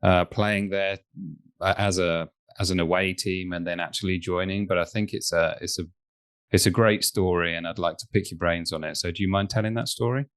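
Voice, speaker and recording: Deep-voiced man asking questions. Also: steady tone, fairly quick, clear, resonant tone, no echo, clean studio sound. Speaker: podcast host. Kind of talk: interview questions.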